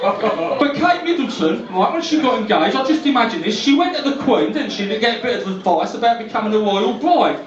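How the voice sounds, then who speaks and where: With big pitch swings and a slightly fast pace, a London man delivers very high-pitched stand-up as a cheeky, brash cab driver who keeps tossing out tag questions. The pub venue is captured from a distance, dull and roomy, with crowd noise audible.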